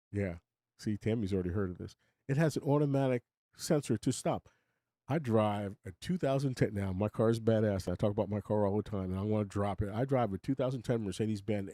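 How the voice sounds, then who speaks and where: A man's voice: fairly low pitch, dark tone, no echo, studio quality. An older man hosting his own live stream, rambling and opinionated, chuckling as he talks to his chat. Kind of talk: casual live-stream monologue.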